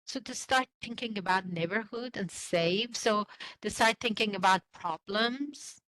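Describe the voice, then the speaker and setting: A woman teaching an online class for language teachers, explaining slowly and asking the class questions. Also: mid-range voice, a bit bright, no echo, rough recording. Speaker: teacher trainer. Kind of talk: online teacher-training lesson.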